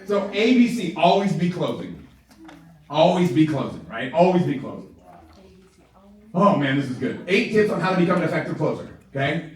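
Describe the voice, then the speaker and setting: A man with a high, lively voice gives a live sales training to a group. He talks animatedly, laughs often and keeps checking in with the room. He is recorded from a distance in a very echoey hall. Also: normal speed. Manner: laughs often while talking. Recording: very echoey room, far from the mic.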